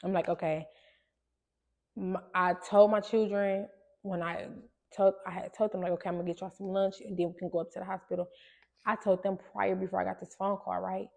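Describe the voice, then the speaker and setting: Podcast host, woman, gravelly voice, loose storytelling with lots of fillers. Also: mid-range voice, level tone, fairly quick, a little mellow. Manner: conversational, many fillers and restarts. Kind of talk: personal storytelling to listeners.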